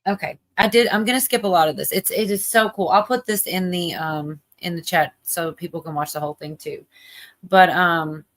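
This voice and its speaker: A woman's voice: fairly low pitch, normal speed. A woman hosting a livestream, chatting casually and rambling with lots of fillers while she reacts to a video. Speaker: livestream host.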